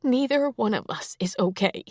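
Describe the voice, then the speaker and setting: Woman narrator doing a young wife in grief, tearful yet resolute, slow soft delivery, dry close sound. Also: on the high side, expressive, no room sound, voice pushed up. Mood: tender.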